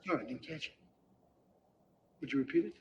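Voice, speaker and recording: An actor playing a calm, menacing male gangster in a film scene, taunting slowly and quietly. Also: on the high side, lo-fi sound, a little hiss or hum, natural voice. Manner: slow, quiet, mocking.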